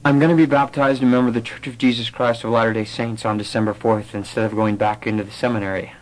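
A man's voice: mid-range voice, fairly even intonation, fast talker, rough recording. A young man giving an earnest personal testimony, telling his story through remembered conversations. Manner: earnest storytelling, quoting others in dialogue.

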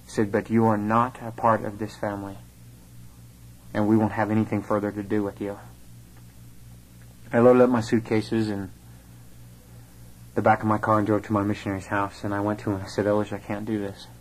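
Low-voiced young man telling a personal story. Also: little pitch movement, brisk, long pauses, rough recording. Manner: earnest storytelling, quoting others in dialogue. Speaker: speaker telling his conversion story. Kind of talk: personal testimony talk.

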